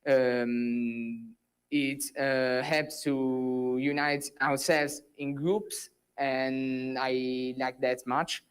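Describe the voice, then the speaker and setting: A woman's voice: a bass voice, flat delivery, extremely slow, clean tone. A student hesitantly thanks her teachers, searching for words.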